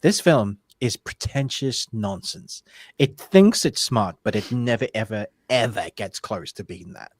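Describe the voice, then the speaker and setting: A man's voice: on the low side, expressive, unhurried, dry recording. A man from the UK co-hosting a live movie chat, playfully contrary and opinionated. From United Kingdom. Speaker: movie podcast co-host.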